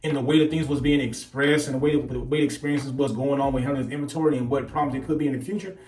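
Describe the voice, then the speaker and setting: Halting man, distant and echoey. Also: mid-range voice, fairly even intonation, a little mellow. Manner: halting, repeats words, earnest. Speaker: co-host, husband. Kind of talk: casual storytelling chat. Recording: echoey room, distant from mic.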